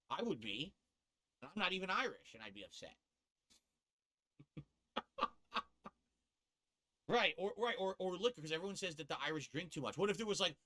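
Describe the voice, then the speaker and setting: A man's voice: high-pitched, bright, forceful tone. A man from the US East Coast ranting and cursing on a casual live stream, laughing at himself as he goes.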